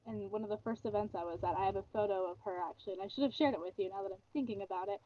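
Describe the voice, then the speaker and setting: A woman's voice: mid-range voice, rapid-fire, dull audio. A woman, a nonprofit communications manager, answering interview questions in a casual, chatty way. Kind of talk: interview guest.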